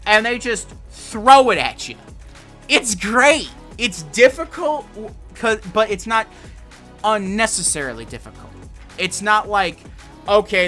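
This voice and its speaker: A man reviewing a video game in a casual, excitable way, swearing a lot and rambling. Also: high voice.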